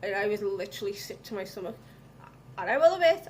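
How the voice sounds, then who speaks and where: A woman's voice: mid-range voice, very animated, quick pace, slight background noise. A woman vlogging, ranting angrily with heavy swearing. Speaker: vlogger reviewing films. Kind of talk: casual ranting vlog.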